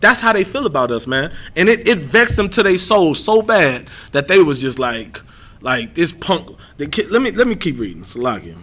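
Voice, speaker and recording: High bright-voiced young male street preacher, animated, rambling livestream teaching. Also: normal speed. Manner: animated, rambling, repeats himself.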